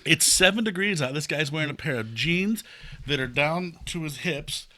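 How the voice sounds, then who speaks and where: A man with an Ohio accent co-hosting a casual podcast, telling stories in an animated way and acting out people he met, swearing freely. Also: on the high side, normal speed. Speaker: podcast co-host. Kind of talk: casual chat.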